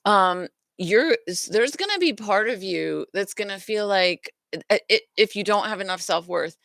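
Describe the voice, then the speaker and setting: Animated and speaking at normal speed, a middle-aged woman teaches and hosts a self-worth lesson in a casual, earnest way, often starting over or correcting herself. Her mid-range voice is gravelly and fairly bright, with no room sound.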